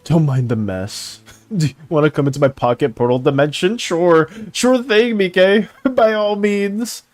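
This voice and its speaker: A man's voice: fairly high pitch, a little slow, darkish tone, dry recording. A man streaming while drawing, chatting casually with his audience in a dramatic, playful way and laughing often. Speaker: art streamer. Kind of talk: casual live-stream chat.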